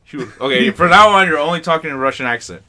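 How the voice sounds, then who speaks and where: A man hosting a casual gaming chat among friends, loud and joking, often cutting in. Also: on the high side, animated, fast talker. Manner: loud, joking, interrupts a lot. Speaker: podcast host.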